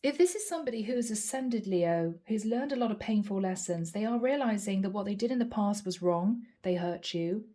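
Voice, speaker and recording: Mellow-voiced woman giving a calm tarot reading. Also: mid-range voice, normal speed, hardly any pauses. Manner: calm, reassuring, repeats key phrases; addresses the listener directly by sign. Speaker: tarot reader.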